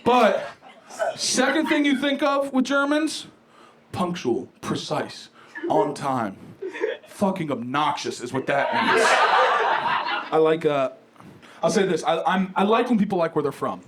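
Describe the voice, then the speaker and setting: Brash, animated young stand-up comedian. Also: male voice, high-pitched. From Ohio. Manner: brash, profane, animated storytelling. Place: comedy club stage with live audience. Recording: live club recording with audible crowd noise.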